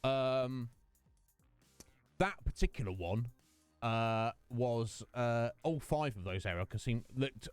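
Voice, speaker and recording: A man's voice: medium pitch, expressive, slow pace, clear, resonant tone, dry recording, faint music behind. A man chatting casually with his stream viewers, rambling between topics and greeting them by name. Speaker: game streamer.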